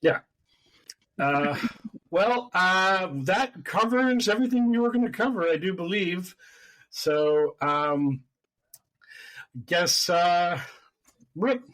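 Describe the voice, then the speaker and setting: A man's voice: fairly high pitch, a bit bright, rough recording. A man hosting a casual sports podcast, rambling and joking, often repeating his words. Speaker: podcast host.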